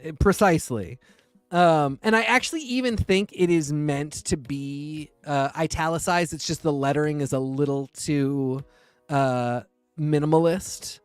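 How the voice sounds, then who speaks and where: Animated guy recommending comics, close dry mic, faint music. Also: fairly high pitch, clean tone, no echo. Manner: earnest, animated, quick to jump in. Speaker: podcast co-host. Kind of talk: casual comic book chat.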